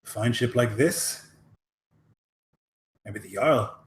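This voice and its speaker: A man's voice: mid-range voice, slow, lightly acted. A game master doing a welcoming harbor townsman, fumbling and chatty, echoey room. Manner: hospitable, hesitant with many fillers. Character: welcoming male dockside townsman, chatty host.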